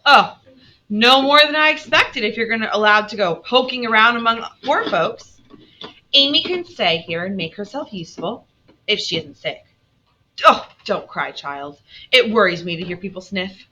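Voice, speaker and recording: Brief: gruff scolding old aunt, read by a woman, sharp and bright, lo-fi. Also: medium pitch, animated, moderate pace, pitched above the performer's own voice.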